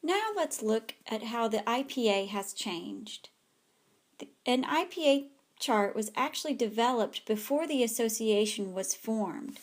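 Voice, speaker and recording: A woman, an ESL teacher, reads a scripted slide presentation carefully, with small slips. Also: a little high.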